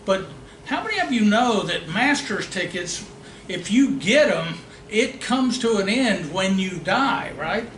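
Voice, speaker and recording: A man's voice: sits high, sing-song, measured pace, fairly bright tone, a little hiss or hum. A man, a real estate trainer telling jokes and stories to a seminar audience. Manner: storytelling, jokey, talks to the room. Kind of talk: joke-filled seminar talk. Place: meeting room. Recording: echoey meeting room, faint ambience.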